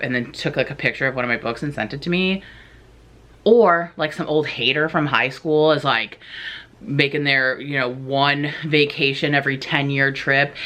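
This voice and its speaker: A woman with a low, deep-set voice chats to camera about her own dreams, rambling along with plenty of filler words. She sounds enthusiastic and a little self-mocking, like a writer talking to her viewers. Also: a bit bright. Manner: chatty, rambling, many "like" fillers. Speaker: writer vlogger. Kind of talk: casual chat to camera.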